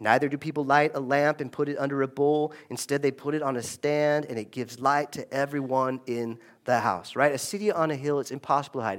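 Energetic man preaching a sermon. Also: on the high side. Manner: lively, conversational preaching with call-and-response. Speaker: pastor. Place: church sanctuary.

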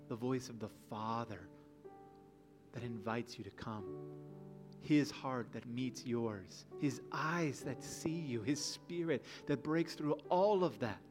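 A man's voice: medium pitch, darkish tone. A man preaching a sermon in an earnest, pleading way, full of rhetorical questions. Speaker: pastor.

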